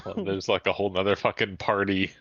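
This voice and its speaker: A man's voice: low voice, level tone, quick pace, fairly bright tone, dry recording. A young man joking and laughing as a player in an online tabletop game. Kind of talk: casual chat at a game table. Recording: muffled lo-fi voice call.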